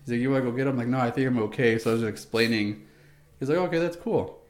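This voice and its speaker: A man's voice: mid-range voice, fairly even intonation, rapid-fire, reverberant. A young man, a former Marine, telling service stories in a rambling casual way, full of "like" and acted-out quotes. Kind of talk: casual podcast storytelling.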